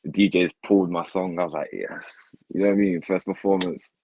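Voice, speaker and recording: A man's voice: low voice, fairly even intonation, quick pace, darkish tone, a little hiss or hum, low-quality recording. A man from Derby, England with an English Midlands accent, a guest rapper answering in a laid-back, slangy, rambling way. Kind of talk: casual interview chat.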